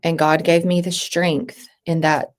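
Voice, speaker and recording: A woman in her thirties, a podcast guest, speaking in an emotional personal interview with halting phrases that restart and trail off. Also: fairly low pitch, flat delivery.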